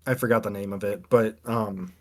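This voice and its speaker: Lowish voiced guy rambling about a game demo, lots of ums. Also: fairly even intonation, normal speed. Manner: rambling, hesitant, full of ums and restarts. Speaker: podcast co-host reviewing game demos. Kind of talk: casual chat.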